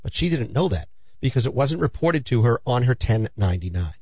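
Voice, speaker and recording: A man's voice: mid-range voice, big pitch swings, fairly quick, a little mellow, dry recording. A middle-aged man, a financial advisor hosting a show, giving earnest, persuasive money advice and telling client stories. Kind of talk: conversational advice talk.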